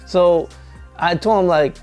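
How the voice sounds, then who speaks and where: A man who trains truck drivers tells a story in a casual vlog, acting out both sides of an argument with lively energy. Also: high voice, slow, dull audio, faint music behind.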